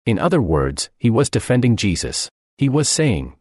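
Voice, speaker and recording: A man's voice: mid-range voice, big pitch swings, moderate pace, few pauses, a little mellow, dry recording. A man voicing a translated radio sermon, preaching earnestly and emphatically with repeated phrases, close to the mic.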